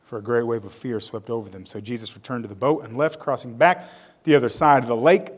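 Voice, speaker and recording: A man's voice: mid-range voice, fast talker, husky. A male pastor preaching a sermon. He reads scripture aloud, tells it as a story with casual asides, and leads a prayer.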